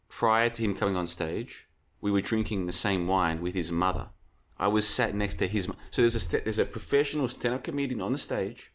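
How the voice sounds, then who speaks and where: A man hosting a casual commentary video, rambling through anecdotes and calling his viewers folks. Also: lowish voice. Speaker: video host.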